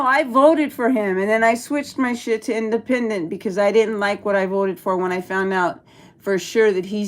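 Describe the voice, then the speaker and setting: A middle-aged woman from El Paso, Texas, hosting a casual live stream, reading chat aloud and answering bluntly with plenty of swearing. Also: mid-range voice. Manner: blunt, profane, talks back to chat. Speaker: livestream host reading chat.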